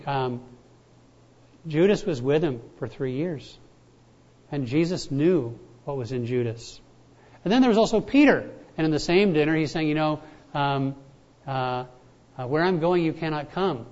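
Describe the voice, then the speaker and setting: A man preaching a relaxed, conversational sermon, his voice sitting a little high for a man. He repeats his key words for weight and tells stories in a chatty way. The recording sounds dull and lo-fi. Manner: conversational, storytelling preacher with repetitions. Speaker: pastor.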